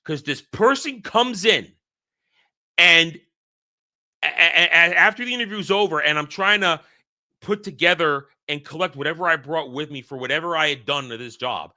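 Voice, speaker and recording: A man's voice: fairly high pitch, moderate pace, pushed and bright. A man hosting his own channel, telling a long dream story in a rambling, heated way with many restarts. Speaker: channel host. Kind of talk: casual solo monologue recounting a dream.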